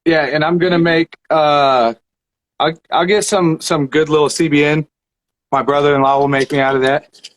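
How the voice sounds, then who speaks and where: Relaxed man with a fairly high voice. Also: moderate pace, rough recording. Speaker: radio show co-host. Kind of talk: casual chat.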